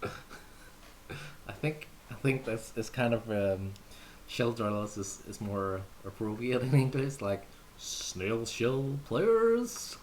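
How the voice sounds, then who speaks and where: A man's voice: fairly low pitch, slow, a little mellow, slight background noise. A Danish man, whose first language is Danish, chatting casually with viewers as a livestream host, playful and full of fillers. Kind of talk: casual chat answering viewers.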